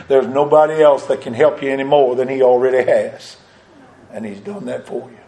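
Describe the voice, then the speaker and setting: A man preaching a sermon. He repeats phrases for emphasis and swings between loud rises and quiet drops. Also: on the high side, rough recording.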